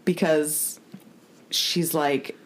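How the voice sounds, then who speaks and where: A woman's voice: deep voice, steady tone, very slow. A young woman hosting a podcast, chatting casually and recapping an episode, rambling and laughing often. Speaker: podcast host.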